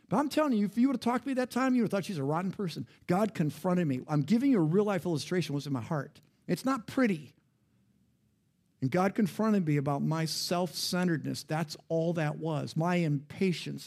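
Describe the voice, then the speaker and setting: A middle-aged male pastor preaching a sermon in a conversational, storytelling way, his voice jumping up and dropping low. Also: lively intonation, a little fast, vocal fry, darkish tone. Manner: conversational, personal storytelling with sudden rises and drops in pitch and volume.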